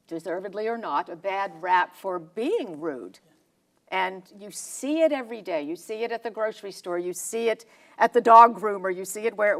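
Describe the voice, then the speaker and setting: A woman hosting a TV studio interview, appreciative and conversational, restarting her sentences as she goes. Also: mid-range voice. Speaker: TV interview host.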